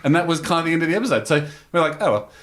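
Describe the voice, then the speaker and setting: An Australian man telling a story as a podcast guest, lively, with big pitch jumps when he acts out quotes. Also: rapid-fire. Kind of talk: animated storytelling.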